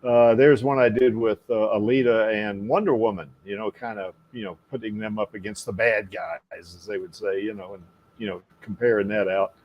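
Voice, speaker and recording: A man's voice: on the low side, steady tone, normal speed, lo-fi sound, slight background noise. A man hosting a casual livestream podcast, rambling with lots of fillers and frequent laughs. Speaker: podcast host.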